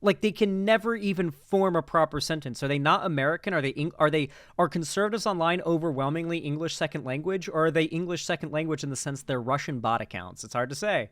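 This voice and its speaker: A man's voice: fairly high pitch, fast talker, few pauses, fairly bright tone, no room sound, studio quality. Sarcastic man ranting in commentary. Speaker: political commentary streamer. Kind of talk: reaction commentary.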